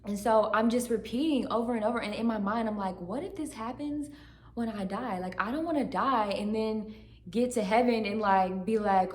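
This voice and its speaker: A woman's voice: mid-range voice, a little fast. A woman telling her religious testimony to the camera, earnest and searching, often tagging her sentences with "right?". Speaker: channel host giving testimony. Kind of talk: emotional personal testimony to camera. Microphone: camera facing her. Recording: echoey room.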